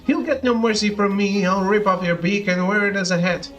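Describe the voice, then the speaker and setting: A man putting on a bloodthirsty mercenary boss in a fantasy game, crude and threatening. The voice stays high for a man, and light music hums behind it. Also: fairly even intonation, a little fast, a bit bright. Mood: menacing. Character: brutal, bloodthirsty mercenary leader.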